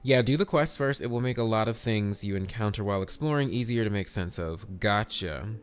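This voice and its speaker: A man's voice: fairly low pitch, expressive, a little fast. A man streaming a video game live, chatting casually and upbeat, greeting viewers by name and swearing now and then.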